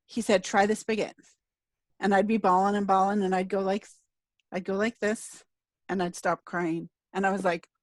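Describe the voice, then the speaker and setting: A woman's voice: mid-range voice, dry recording. A middle-aged woman hosting a casual interview, telling a heartfelt story in an earnest, emotional way. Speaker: podcast host and speaker.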